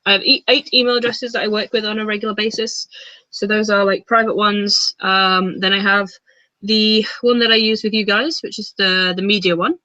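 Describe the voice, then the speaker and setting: A woman chatting casually as a guest, rambling with many pauses and fillers. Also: medium pitch, fairly even intonation, sharp tone, no echo, highs cut off. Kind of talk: casual chat.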